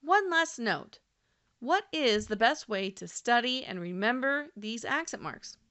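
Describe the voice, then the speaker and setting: A woman narrates a scripted language lesson with a bright, ringing tone. Her pitch rises and falls in a lively way. She speaks clearly and deliberately and slows down on example words. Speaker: language teacher.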